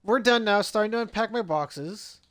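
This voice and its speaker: A man's voice: high-pitched, moderate pace, fairly bright tone. A man reading as an earnest young doctor. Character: young male doctor, nervous new resident.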